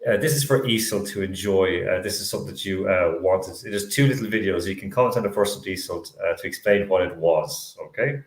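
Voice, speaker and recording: A man hosting a sports talk show, animated and opinionated and laughing often. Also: deep voice, fairly quick, hardly any pauses, roomy sound, a little hiss or hum. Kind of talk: casual panel chat.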